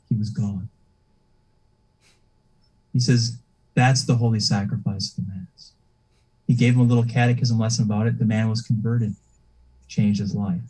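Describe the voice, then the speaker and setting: An earnest man tells a story from the pulpit at a calm, unhurried pace. His voice sits in a mid pitch, and he briefly slips into the voices of the people in his story. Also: poor audio. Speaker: preacher. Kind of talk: sermon storytelling.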